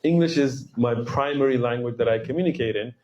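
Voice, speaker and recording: A man raised in the United States, telling a story in a relaxed, conversational way. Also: mid-range voice, fairly quick, roomy sound, lo-fi sound. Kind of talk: storytelling in a talk. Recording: loud background noise.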